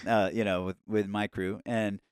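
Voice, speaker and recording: A man's voice: on the low side, little pitch movement, normal speed. A man, a podcast guest, telling a casual story in a rambling, profane way, full of "like" and "you know". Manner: profane, rambling, heavy with fillers.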